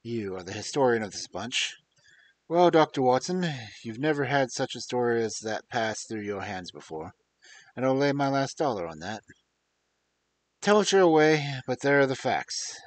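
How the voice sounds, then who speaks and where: A man doing a hearty, mellow American-English gentleman. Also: mid-range voice, lively intonation, normal speed, no echo, lightly acted. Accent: mixed American and English. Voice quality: mellow, pleasing. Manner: loud, hearty, confident. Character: older American-English man, bold, genial, emerging from hiding.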